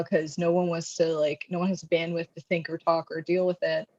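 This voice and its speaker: Chatty low-voiced woman, lo-fi sound. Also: flat delivery, moderate pace, few pauses, darkish tone. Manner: chatty, many fillers, acts out quoted voices. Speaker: guest author. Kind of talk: casual conversation. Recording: dull lo-fi sound.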